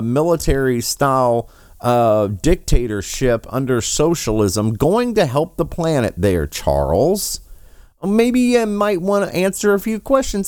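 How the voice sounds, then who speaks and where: A man delivers mocking political commentary, sarcastic and quick to swear. His voice rises and falls with lively animation, and it comes across smooth and resonant. The sound is close and dry. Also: a little high, dry recording. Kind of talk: ranting commentary.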